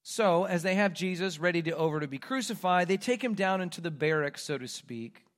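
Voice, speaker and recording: A man's voice: high voice, animated, brisk, a bit bright. A man preaching a sermon on a Bible passage, dramatic and emphatic, full of rhetorical questions.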